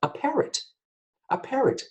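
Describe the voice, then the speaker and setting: A man teaching psychic mediumship to camera in a casual, animated way, often checking in with his viewers. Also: a little slow, low-quality recording. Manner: animated, keeps checking in with "guys, okay?".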